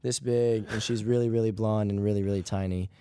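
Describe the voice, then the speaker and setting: A man's voice: fairly low pitch, brisk, smooth, no echo. Young male musician guest, clean dry studio mic, rambling casual chat. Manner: relaxed, rambling, many fillers like "you know". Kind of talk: casual radio interview chat.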